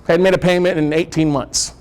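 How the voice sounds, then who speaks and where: A man speaking to a real estate investor group, telling stories in an animated, joking way and laughing often. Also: a little high, a little fast, low-quality recording. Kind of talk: storytelling presentation.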